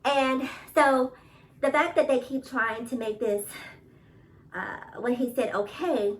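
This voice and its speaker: A woman's voice: on the high side, takes it slowly, far from the mic, slight background noise, rough recording. A woman with a New York accent giving casual opinion commentary, emphatic, repeating her points and laughing often. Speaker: commentary vlogger.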